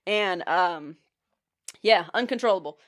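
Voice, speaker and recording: A young adult woman, a podcast guest, telling a story in casual chat with lively delivery and frequent swearing. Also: fairly low pitch, unhurried. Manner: animated storyteller, swears freely.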